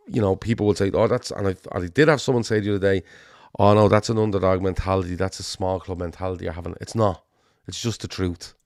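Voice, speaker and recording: A middle-aged man with a Liverpool accent, co-hosting a casual football chat, animated and sweary, rambling with restarts. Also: low-pitched, dry recording, clean studio sound. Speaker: podcast co-host.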